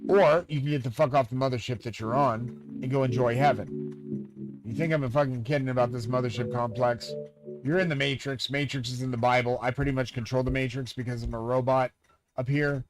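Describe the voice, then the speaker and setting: Loud music plays behind a man live-streaming a ranting monologue to his viewers. His medium-pitched voice is steady and a little fast, and he addresses the audience directly, profane, agitated and grandiose.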